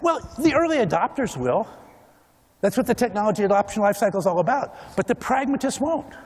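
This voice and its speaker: A man's voice: sits high, very animated, fairly quick, darkish tone, breathy edge, in a large hall. A man giving a conference keynote talk, acting out other people's voices as he goes. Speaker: keynote speaker. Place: large conference hall.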